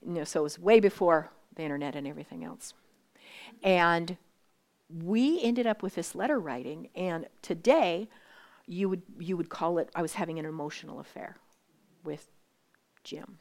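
A woman in her sixties giving a faith talk to a live group, speaking in an animated, conversational way and often dropping to a whisper for emphasis. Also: on the low side, normal speed. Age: 60s. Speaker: women's Bible study speaker.

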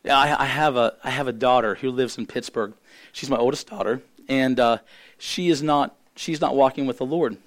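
This middle-aged pastor is hoarse, clearly losing his voice, as he preaches a sermon at a medium pitch. He comes across as earnest but halting, restarting often.

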